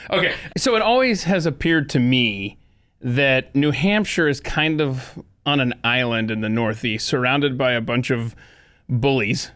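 A man's voice: mid-range voice, lively intonation, unhurried, a bit bright, clear, resonant tone, dry recording. A man hosting a podcast interview and reading an ad, joking about his own slips. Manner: self-deprecating, laughs at own slips. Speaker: podcast host.

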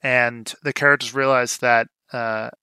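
A young adult man co-hosting a casual movie recap podcast, relaxed with lots of fillers, getting animated when he retells scenes. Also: mid-range voice, measured pace, smooth, no room sound. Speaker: podcast co-host.

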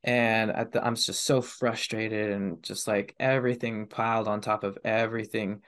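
Podcast guest: man in his thirties with a low, even voice, blunt and profane. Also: normal speed. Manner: heavy swearing, raw and confessional. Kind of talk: candid personal storytelling.

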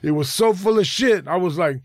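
A man's voice: high voice, expressive, a little fast, dry recording. A man hosting a podcast, telling a story in a loose, profane, slangy casual chat in a studio.

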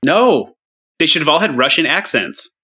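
A man's voice: on the high side, very animated, moderate pace, pushed and bright, breathy edge. An American man co-hosting a casual movie podcast, sarcastic and exasperated as he argues. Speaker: podcast co-host.

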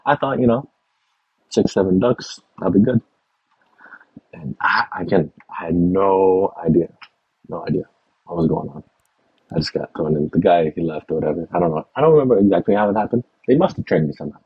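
Young chef from Texas, low gravel-free husky voice, animated storyteller, dry muffled sound. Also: male voice, a little fast, dry recording. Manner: animated anecdotes with acted quotes, many fillers. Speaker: chef guest. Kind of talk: casual storytelling.

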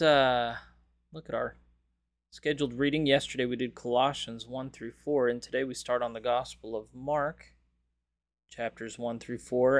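A man hosting a daily Bible reading, praying and reading scripture aloud in a measured, reverent way. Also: medium pitch.

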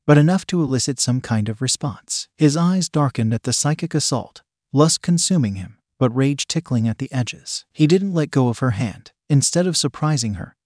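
A man narrating a story in a steady, even reading voice. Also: mid-range voice, moderate pace, no echo, studio quality. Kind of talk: scripted narration.

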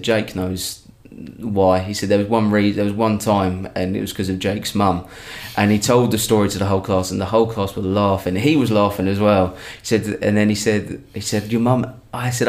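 A young man, a comedian, casually telling a long anecdote with frequent restarts and self-corrections. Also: lowish voice. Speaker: comedian guest. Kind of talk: casual storytelling.

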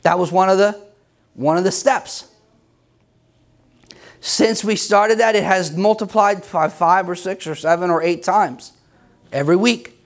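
A man's voice: high voice, a little slow, pauses often. A middle-aged male pastor preaching an emphatic, conversational sermon with self-deprecating humor.

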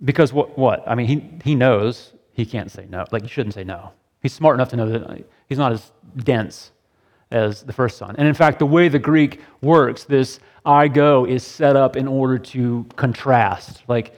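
A man's voice: mid-range voice, moderate pace, a little mellow. Man preaching conversationally in a hall. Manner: conversational, asks the group questions, keeps adding "right?". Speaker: pastor. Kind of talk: interactive sermon discussion. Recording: long hall reverb.

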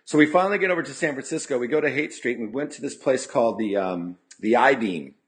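A man's voice: mid-range voice, lively intonation, fast talker, breathy edge. A man from California telling a long story as a podcast guest, full of "you know" fillers and acted-out quotes. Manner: acts out quoted dialogue. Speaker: podcast guest, punk musician. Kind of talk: casual storytelling. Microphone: podcast studio mic.

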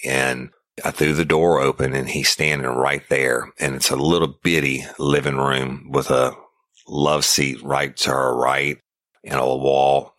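A man's voice: very deep voice, fairly bright tone, dry recording. A middle-aged man, a former deputy, bluntly and profanely telling a first-person story about a police call. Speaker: podcast host, former sheriff's deputy.

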